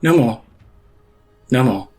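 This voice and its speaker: A man's voice: mid-range voice, moderate pace, fairly bright tone, breathy edge, faint music behind. Cold vengeful pontiff, as a man puts her on. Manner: menacing, clipped threats. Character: vengeful woman pontiff, cold mother of monsters.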